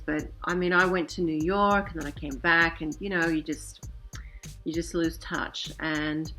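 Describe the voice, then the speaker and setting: A woman's voice: medium pitch, a bit bright. A woman in her forties telling a personal story casually, rambling with many fillers and asides. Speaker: vlogger.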